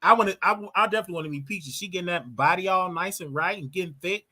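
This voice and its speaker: A man hosting a live call-in show, chatting in an animated, slangy way and laughing often. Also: high-pitched, very fast. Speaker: show host.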